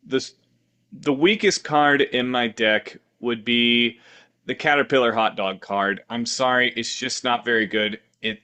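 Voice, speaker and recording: A man's voice: medium pitch, fairly even intonation, a little slow, sharp tone, clear, resonant tone. A man co-hosting a podcast, telling silly improvised stories in a playful, rambling way. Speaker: podcast co-host. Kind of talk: casual improv chat.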